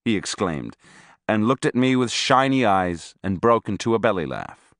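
A man narrating a first-person story in an expressive, scripted reading. His pitch moves a great deal from line to line. The recording is dry and close, with no room sound. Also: normal speed, no room sound. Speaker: audiobook narrator.

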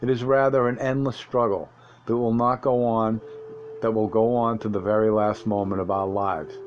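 A man reading an audiobook, voicing an old male sorcerer teacher who speaks low, hushed and deliberate. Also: level tone, lo-fi sound, close to an everyday voice. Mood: stern.

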